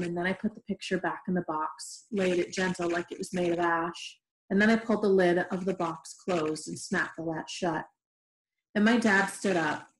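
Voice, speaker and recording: Woman, reading a novel aloud, steady, gentle, roomy echo, faint noise. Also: fairly low pitch. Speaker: reader. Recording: roomy echoey room recording.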